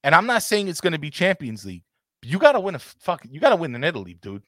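A man's voice: a little high, huge pitch swings, fast talker, fairly bright tone, dry recording, clean studio sound. A man hosting a casual football talk show, ranting passionately and swearing freely. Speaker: podcast host.

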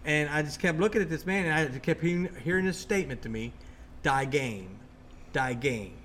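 Guest, man, wound-up ghost storyteller, higher voice, keeps restarting himself. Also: fast, a little hiss or hum. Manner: animated, rambling, restarts often. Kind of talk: excited storytelling.

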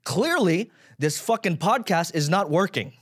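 A man's voice: sits high, big pitch swings, measured pace, a bit bright, breathy edge. A man in his thirties hosting his own podcast, ranting casually about himself, swearing and rambling. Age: 30s. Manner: self-deprecating, swearing, rambling. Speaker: podcast host. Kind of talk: casual solo rant.

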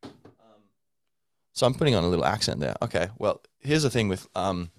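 A man's voice: low-pitched, very animated, quick pace, no room sound, clean studio sound. A man hosting a podcast, speaking in a loose, rambling monologue full of fillers and sounding tired from little sleep. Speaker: podcast host.

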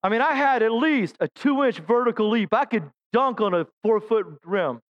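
Through dull audio comes a middle-aged pastor's high, lively voice at normal speed. He preaches by telling funny stories at his own expense, joking self-deprecatingly and calling out to the people in the pews.

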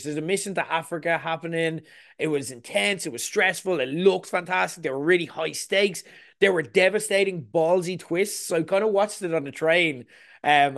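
A young man co-hosting a podcast, chatting casually and rambling through TV reviews with lots of fillers. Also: on the high side. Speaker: podcast co-host.

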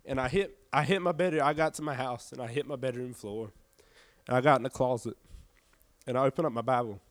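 A young man with a drawl tells his faith testimony in an earnest, heartfelt way. He sounds a little worn out and subdued, at a middle pitch. The recording is dry and close, with no room echo. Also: brisk. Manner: earnest, emotional storytelling. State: tired, subdued. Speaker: church member giving testimony.

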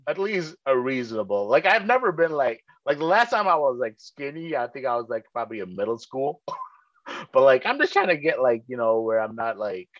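A man's voice: mid-range voice, big pitch swings, a bit bright, no room sound. Rambling young man on a muffled line. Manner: rambling, halting, full of "like". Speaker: podcast guest. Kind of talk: casual chat.

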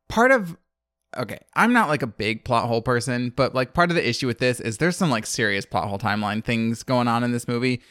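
A man's voice: mid-range voice, fairly bright tone, no room sound. A man from the American South casually recapping a movie as a podcast co-host, rambling and laughing often. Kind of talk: casual chat.

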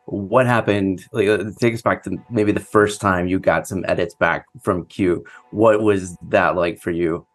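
A man hosting a podcast, asking a guest open questions in a relaxed way. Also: sits low, measured pace, few pauses, no room sound. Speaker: podcast host. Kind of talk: interview questions.

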